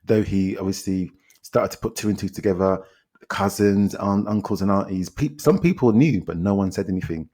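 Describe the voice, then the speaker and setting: A man with a London accent on a film podcast, retelling a documentary's story in a casual, animated way and acting out people's lines. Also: deep voice, moderate pace, slightly rough. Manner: animated retelling, quotes people in character, repeats himself. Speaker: podcast co-host reviewing films. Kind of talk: casual chat.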